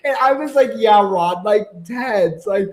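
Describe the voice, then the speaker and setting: A man's voice: high-pitched, measured pace. A man chatting casually as a podcast guest, brash and profane, dramatic about a reality show. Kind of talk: casual chat.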